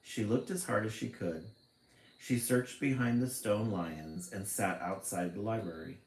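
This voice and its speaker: A man reading a children's picture book aloud, expressive, with chatty asides between passages. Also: on the low side, measured pace, reverberant, poor audio. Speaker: storytime reader.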